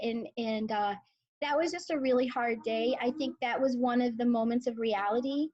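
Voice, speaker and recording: Forties woman teacher, emotional and earnest, somewhat high, muffled lo-fi sound. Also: moderate pace, darkish tone. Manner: emotional, earnest storyteller with many fillers. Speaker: high school English teacher, guest. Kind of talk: conversational interview.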